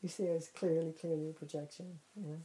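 Woman teacher, lowish voice, chatty and repetitive in a talk on a spiritual theme. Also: fairly even intonation, fast talker, mellow, low-quality recording. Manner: conversational, frequent "you know", restarts and repeats.

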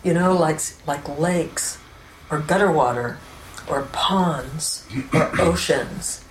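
A woman giving an unscripted spiritual teaching, explaining ideas calmly and often checking in with "right?" and "you know". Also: sits low, takes it slowly. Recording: roomy echo with faint background noise.

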